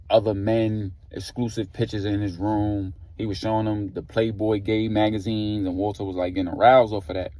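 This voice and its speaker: Slangy man telling a story, lowish voice. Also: dark tone. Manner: slangy, loose, heavy on filler "like". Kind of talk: casual storytime retelling.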